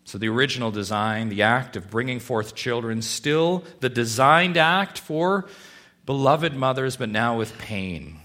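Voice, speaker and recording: A man preaching a sermon to his congregation, asking rhetorical questions and swinging from hushed, slow stretches to loud, emphatic ones. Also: medium pitch, expressive. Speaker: pastor.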